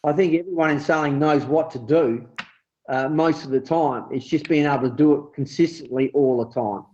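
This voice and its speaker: A man hosting a casual sailing podcast, chatting in a relaxed, storytelling way. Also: fairly high pitch, normal speed, a little hiss or hum. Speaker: podcast host. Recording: muffled lo-fi audio.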